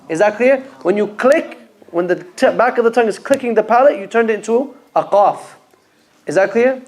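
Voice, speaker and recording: A man teaching a class how to pronounce letters for Qur'an reading, patiently repeating each sound and quizzing his students. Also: high-pitched. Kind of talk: classroom lesson on letter pronunciation. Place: mosque classroom.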